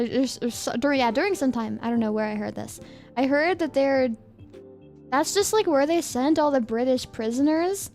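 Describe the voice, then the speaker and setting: High-pitched girl streamer, giggly and rambling, soft music in the back. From United States. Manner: giggly, rambling, quick asides. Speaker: VTuber streamer. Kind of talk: casual chat reading viewer comments.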